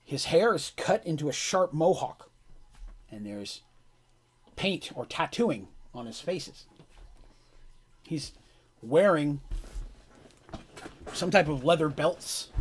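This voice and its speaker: A man narrating a tabletop game as game master in a casual, animated descriptive way. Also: fairly high pitch, breathy edge.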